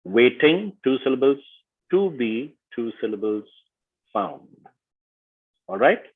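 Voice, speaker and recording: A man leading an online workshop, speaking slowly and deliberately and stressing each syllable as he reads. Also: mid-range voice, big pitch swings, creaky, husky. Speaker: workshop facilitator. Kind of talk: online teaching session. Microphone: video call. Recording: tinny video-call audio.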